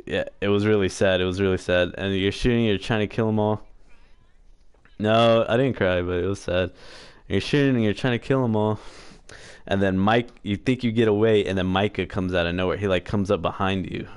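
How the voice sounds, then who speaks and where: Deep monotone guy rambling thru a game recap, cussing, smooth dry sound. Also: fairly quick, no echo. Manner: rambling story recap with fillers and self-corrections; profane, offhand. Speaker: gameplay streamer. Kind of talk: casual gameplay commentary.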